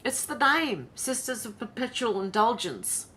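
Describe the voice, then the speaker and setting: This Australian host streams from home with a fairly high, sing-song voice that is a little slow, pushed and bright, against slight background noise. She reads out news stories, reacting with incredulity and exasperation and dissolving into laughter.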